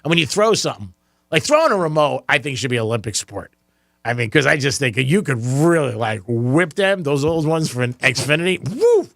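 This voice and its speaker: A man hosting a talk radio show in the studio, joking and getting excited, laughing often. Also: medium pitch, brisk, vocal fry, dry recording. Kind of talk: casual talk radio banter. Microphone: studio microphone.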